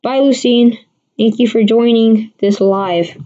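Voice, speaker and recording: A woman's voice: on the high side, fairly even intonation, slow, mellow. Rambling woman giving a livestream weather forecast. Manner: rambling, many restarts, answers chat viewers. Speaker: amateur weather forecaster host. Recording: dull lo-fi stream audio.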